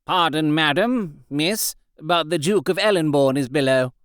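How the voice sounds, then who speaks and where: A man's voice: fairly high pitch, measured pace, a bit bright, smooth, dry recording, studio quality. A man voicing a formal, deferential old butler in an audiobook.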